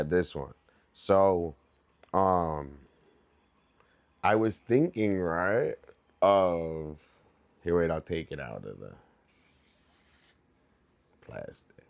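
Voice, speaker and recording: A young man rambles through a casual livestream chat, his voice sitting low and his delivery unhurried and drawn out. He swears freely and drifts between loose stories and quick greetings to viewers. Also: darkish tone. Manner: rambling, profane, loose storytelling. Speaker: artist livestreaming.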